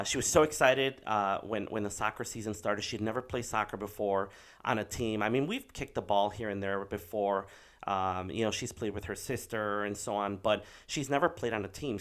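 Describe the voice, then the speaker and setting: A man's voice: fairly low pitch, moderate pace, fairly bright tone. A middle-aged man giving a motivational talk, telling a personal story in an earnest way with hesitant fillers. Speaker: motivational speaker.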